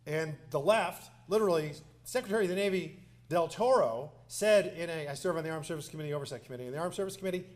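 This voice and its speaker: A man's voice: a little high, fast talker. A man with a Texan accent, a politician giving a passionate, joking, folksy campaign speech full of anecdotes at a live forum. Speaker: politician speaking at a candidate forum. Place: civic center hall, live event.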